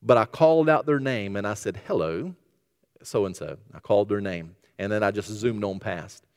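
A man preaching a sermon as pastor, telling stories and dropping to a hushed voice when he quotes. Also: lowish voice, a little fast, clear, resonant tone. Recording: reverberant hall.

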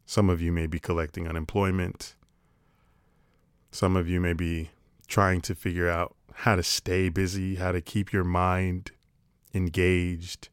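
A man's voice: low voice, smooth, no echo, clean studio sound. A man talking to camera in a casual comedic monologue, sarcastic and rambling, swearing casually. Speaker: vlogger.

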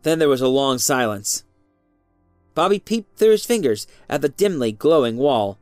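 Expressive storyteller over soft music. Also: medium pitch, normal speed, no room sound, clean studio sound. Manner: expressive, varied reading. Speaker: narrator. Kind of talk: storybook reading.

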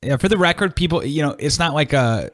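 A man's voice: fairly high pitch, lively intonation, brisk, fairly bright tone. Laid-back male co-host, teasing. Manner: laid-back, teasing, trails off mid-sentence. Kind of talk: casual chat.

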